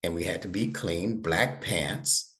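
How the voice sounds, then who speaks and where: A middle-aged Arabic instructor and imam tutors a young student one-on-one, explaining each step patiently and making sure he is understood. His deep, gravelly voice is slow, with a fairly bright tone.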